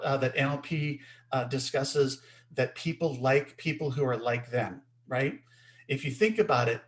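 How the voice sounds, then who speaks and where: Man, webinar instructor, mid pitch, emphatic, explanatory, video call audio. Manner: explanatory, emphatic, checks in with "right?". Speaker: co-host teaching a webinar. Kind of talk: webinar teaching.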